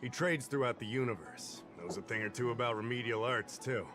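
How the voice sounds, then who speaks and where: A man's voice: mid-range voice, a little fast, lightly acted. A man voicing a polite, formal official in a game who greets and briefs investigators. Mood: recalling. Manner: courteous and formal. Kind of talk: game voice acting. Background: game music.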